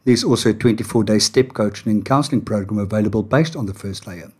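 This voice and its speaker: A South African podcast host from Johannesburg who speaks Afrikaans talks with a guest in an interview. His voice is on the low side, fast, and slightly rough, and he tells stories with a self-deprecating touch.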